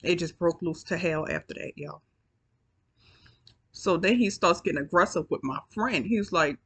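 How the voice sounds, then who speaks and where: A woman's voice: on the low side, normal speed, pauses often, fairly bright tone, breathy edge. Sleepy woman telling a storytime vlog. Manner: chatty, profane, addresses viewers as y'all. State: yawning, sleepy. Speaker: storytime vlogger. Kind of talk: casual storytelling to camera.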